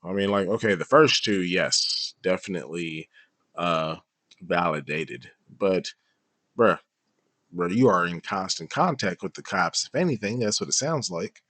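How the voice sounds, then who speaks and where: A low-pitched man reacts to a clip in a blunt, mocking and exasperated way. He swears freely and sounds dry and close. The delivery is casual stream commentary. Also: animated, unhurried, fairly bright tone, dry recording.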